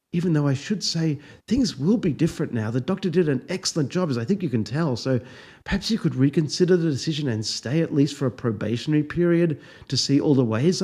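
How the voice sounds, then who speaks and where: A man reading a calm, courteous middle-aged husband. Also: on the high side. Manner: gently formal, courteous.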